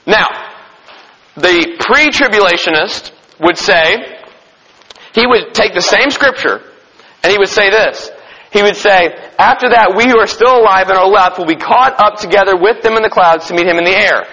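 A man teaching a Bible lesson. He asks the listeners questions and answers them himself, and he reads scripture aloud slowly. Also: sits high, bright, forceful tone, slightly rough, in a large hall, highs cut off. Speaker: preacher teaching a Bible study.

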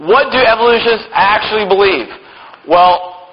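A man's voice: sits high, normal speed. A man teaching from the Bible at a church conference, mixing jokes and sarcastic asides into his talk. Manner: joking, with sarcastic asides and chuckles. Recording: dull, lo-fi hall recording with long reverb.

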